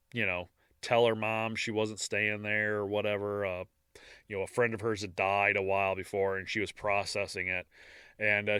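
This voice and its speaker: A man co-hosting a podcast, narrating a case in a casual true-crime style and breaking off for dark jokes. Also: fairly low pitch, clear, resonant tone, no room sound, clean studio sound.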